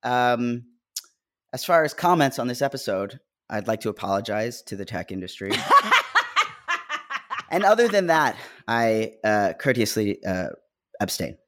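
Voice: mid-range voice, very animated, a little slow, pauses often. An American podcast co-host and musician telling rambling, wry stories in casual chat.

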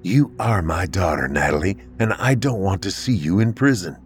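A man voicing a cold, scheming mother who speaks in a soft, hissing whisper. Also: deep voice, lively intonation, normal speed, faint music behind. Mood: coldly soothing.

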